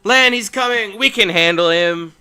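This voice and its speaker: A man's voice: high voice, moderate pace, pushed and bright, clear, resonant tone, voice pushed up. A man voicing an earnest young male robot hero who speaks urgently and with determination. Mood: determined.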